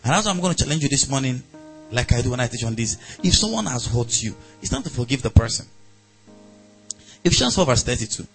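A man with a Nigerian accent preaching a sermon, animated and acting out quoted voices. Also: medium pitch, fast talker, creaky, soft background music. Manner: animated preaching, acts out angry voices, laughs. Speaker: pastor.

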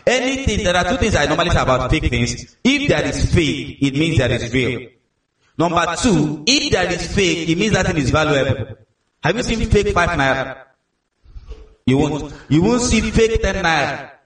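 A Nigerian man preaches a sermon with a fairly high voice. He tells stories with energy and often repeats his words. He sounds far from the mic, and his voice booms around a big echoing hall. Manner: lively storytelling with repeated words.

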